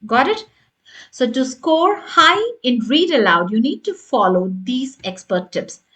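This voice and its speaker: A woman's voice: high voice, sing-song, a little slow, sharp tone. A woman teaching an online lesson as a tutor, explaining step by step and often checking in with "right?" and "got it?". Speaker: English test tutor.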